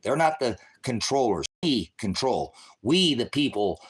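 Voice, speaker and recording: A man's voice: medium pitch, big pitch swings, a little slow, slightly rough. A middle-aged man ranting on a livestream in a confrontational, sarcastic, preachy way, trading insults with viewers and calling them brothers and sisters. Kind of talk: heated livestream rant to viewers.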